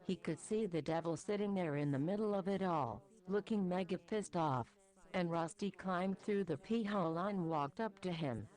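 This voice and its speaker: A woman's voice: lowish voice, normal speed, darkish tone. A woman reading a crude comic story aloud in a matter-of-fact way. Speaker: story reader.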